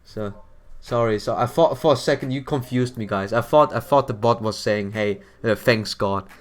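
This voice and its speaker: A man's voice: mid-range voice, normal speed. Rambling male streamer chatting casually. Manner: rambling, repeats words, laughs often. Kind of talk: casual live-stream chat.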